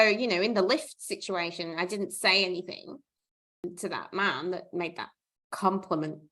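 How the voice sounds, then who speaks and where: Gravelly-voiced woman podcast host. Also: medium pitch, fairly bright tone. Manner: reflective, thinks aloud with hedges. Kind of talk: casual podcast conversation.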